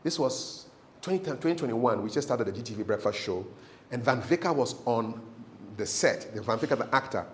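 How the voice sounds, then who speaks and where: A middle-aged man, a TV presenter who gives casual, animated advice on interviewing. He tells stories, repeats phrases for emphasis and laughs often. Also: medium pitch, moderate pace, slight background noise. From Ghana.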